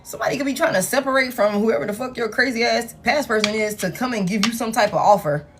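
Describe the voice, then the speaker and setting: A woman, giving a live tarot reading in blunt, profane, animated street talk. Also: on the high side, quick pace, background noise. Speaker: tarot reader.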